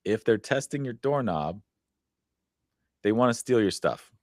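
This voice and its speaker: A man's voice: medium pitch, expressive, a little slow, a little mellow, no room sound, studio quality. A man co-hosting a casual podcast chat, blunt and profane, laughing often between points. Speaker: podcast co-host.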